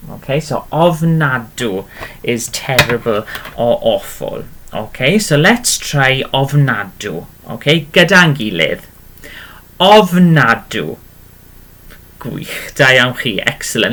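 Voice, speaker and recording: A man's voice: mid-range voice, a bit bright. A man teaching a beginner language lesson, patient and encouraging, often checking in with "okay?". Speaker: Welsh language tutor.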